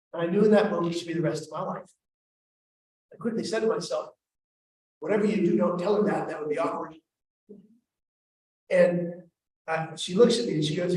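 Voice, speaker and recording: Man, high voice, wry self-mocking storyteller, heard from far off in a roomy hall. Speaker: summit speaker. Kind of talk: humorous personal storytelling talk. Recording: echoey hall from far off, faint noise.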